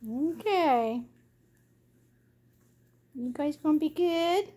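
A woman's voice: high-pitched, expressive, drawn-out words, mellow. A woman cooing at her puppies in doting, sing-song baby talk. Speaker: dog owner filming her puppies.

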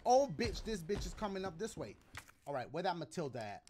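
A man playing a video game and reacting aloud, swearing and yelling at the game and chatting to his viewers. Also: high voice, big pitch swings, a little fast, slight background noise. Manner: talks to viewers as "y'all". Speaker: gaming video host. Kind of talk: let's play commentary. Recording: loud game sounds behind voice.

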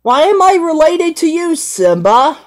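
A woman voicing a tearful, fretful young lioness in an amateur fan role-play, with a high, whiny, flustered delivery. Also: big pitch swings, unhurried, full character voice. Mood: puzzled.

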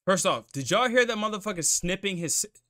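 A man's voice: high-pitched, animated, fairly quick, pushed and bright, dry recording, studio quality. A man commenting on a horror game as he plays, swearing and talking to himself in jumpy asides. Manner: profane, jumpy self-talk while playing. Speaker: gamer playing a horror game. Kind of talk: let's play commentary.

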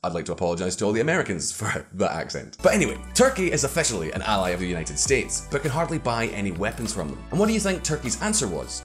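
A man's voice: lowish voice, wildly swooping pitch, fast talker, few pauses, faint music behind. A man hosting a scripted explainer video, narrating in a playful, conversational way full of rhetorical questions.

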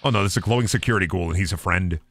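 A man streaming a video game, chatting casually and reacting loudly, joking and swearing as he plays. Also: sits low, racing, vocal fry, dry recording. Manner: excitable, swearing, joking to himself. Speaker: gaming streamer. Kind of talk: casual gameplay commentary.

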